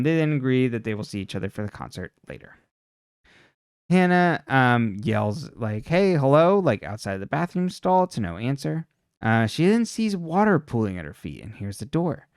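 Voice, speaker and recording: A man co-hosting a podcast, casually retelling a TV episode in a rambling way, full of fillers and quick quoted lines. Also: medium pitch, smooth, no room sound, clean studio sound. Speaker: podcast co-host recapping a TV episode. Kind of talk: casual recap chat.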